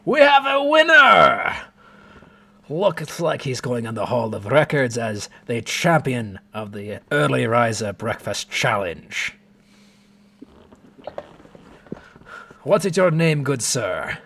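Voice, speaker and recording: A man voicing a boisterous male dwarf innkeeper who makes loud announcements. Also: medium pitch, lively intonation, moderate pace, creaky, slightly rough, pitched above the performer's own voice. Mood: booming.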